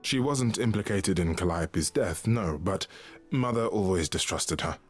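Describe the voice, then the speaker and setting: Eros, a gentle male god. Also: sits low, lively intonation, unhurried, husky, full character voice. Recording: game audio with faint music beneath.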